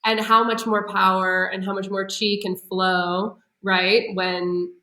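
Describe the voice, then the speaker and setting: A woman's voice: medium pitch, pushed and bright, roomy sound, low-quality recording. A woman guiding voice exercises in a podcast chat, explaining in an easy way and laughing often. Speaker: voice coach. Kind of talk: podcast conversation.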